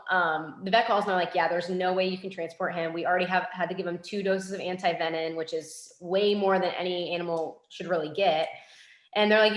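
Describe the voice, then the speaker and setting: Chatty woman in an echoey room. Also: on the low side. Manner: chatty, lots of "um" and "like". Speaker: forensic K-9 handler, podcast guest. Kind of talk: casual storytelling in an interview.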